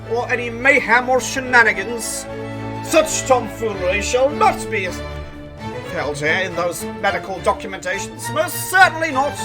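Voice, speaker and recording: A man voicing a pompous, fussy gentleman with a prim, affected way of speaking. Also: high-pitched. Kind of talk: playful character voice during game commentary.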